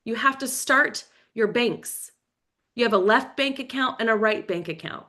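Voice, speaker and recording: A woman's voice: on the high side, moderate pace, pushed and bright. A woman leading a motivational team training, coaching energetically and acting out cheerful phone calls. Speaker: team leader.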